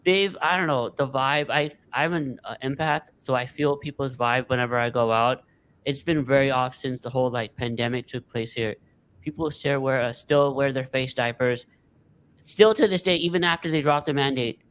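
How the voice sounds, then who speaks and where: A man's voice: medium pitch, normal speed, fairly bright tone, a little hiss or hum. Hesitant man guest from California. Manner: candid, hesitant, with uh's and restarts. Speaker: podcast guest. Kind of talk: casual chat.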